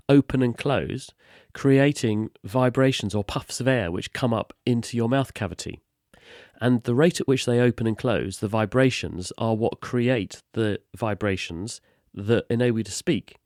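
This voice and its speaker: A man with a hoarse, cold-roughened voice explains science to a radio audience. He talks brisk and wry, pitched at a middle height. He is heard close and dry over a remote video-call line. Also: darkish tone, no echo. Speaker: science guest expert.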